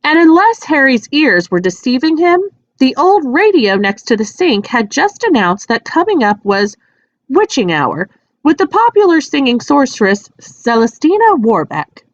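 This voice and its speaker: A woman reading a children's fantasy book aloud as narrator, with an expressive, lilting delivery. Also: high voice, moderate pace, dry recording. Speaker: audiobook reader. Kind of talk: storybook read-aloud narration. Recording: dry, dull lo-fi sound.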